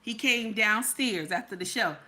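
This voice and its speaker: Woman giving relationship advice, emphatic, checks in with listeners, bright ringing voice, fairly high pitch. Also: unhurried. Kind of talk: storytelling advice monologue.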